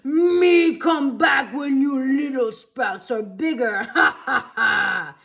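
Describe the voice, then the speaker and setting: A woman voicing a huge, stinky, greedy male vegetable monster in a children's storybook read-aloud, with slow, bellowing caveman talk. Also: sits high, gravelly, a bit bright, voice pushed up, exaggerated voice. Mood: mocking laughter.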